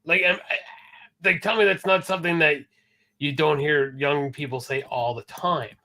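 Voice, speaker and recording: Animated, bright-voiced male podcast co-host. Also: a little high, moderate pace, vocal fry. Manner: animated, loud impressions, swears freely. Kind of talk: casual podcast chat.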